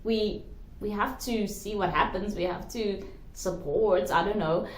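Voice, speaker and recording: A woman's voice: medium pitch, a little slow, reverberant. A young woman from South Africa giving an opinionated, chatty review of a pageant, with lots of fillers. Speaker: pageant commentator. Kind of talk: casual video review.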